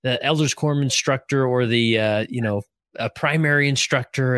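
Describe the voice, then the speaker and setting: A man hosting an interview podcast at an average pitch. He talks casually and thinks out loud, with lots of fillers. His voice is recorded dry and close, with no room sound. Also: brisk, no room sound. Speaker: podcast host.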